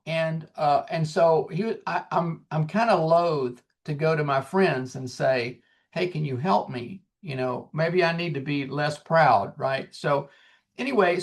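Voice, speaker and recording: Man in his sixties, singer-songwriter, slightly high voice, earnest storytelling, acts out dialogue. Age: 60s. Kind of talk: casual storytelling.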